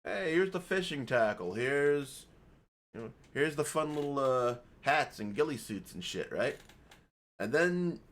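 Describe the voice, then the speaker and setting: A man's voice: medium pitch, lively intonation, unhurried, a bit bright. A young man giving casual, profane, rambling reaction commentary on a video as a gaming YouTuber.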